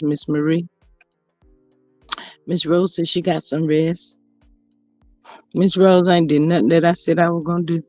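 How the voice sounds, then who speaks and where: A woman's voice: low voice, a little mellow, no room sound. A woman hosting a casual livestream, chatty and sassy, greeting her viewers by name. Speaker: YouTube livestream host. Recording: dull lo-fi audio with faint music.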